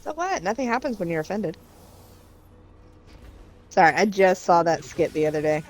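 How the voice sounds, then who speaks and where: A woman's voice: fairly low pitch, big pitch swings, normal speed, soft background music. A woman in casual gaming chat who laughs often and teases her friends.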